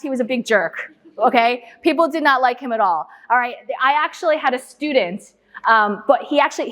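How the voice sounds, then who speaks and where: A woman lecturer giving an interactive talk. She quizzes the audience, repeats their answers back and tells anecdotes, often checking in with "right?" and "okay?". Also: mid-range voice. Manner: lively anecdotal storyteller with frequent "right?" and "okay?". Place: large lecture hall. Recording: long hall reverb.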